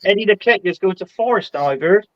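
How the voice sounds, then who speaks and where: A man's voice: high voice, expressive, normal speed, no echo. A man on a football chat panel, bantering and making mock-serious announcements in a jokey tone. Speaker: podcast panelist. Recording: dull lo-fi audio.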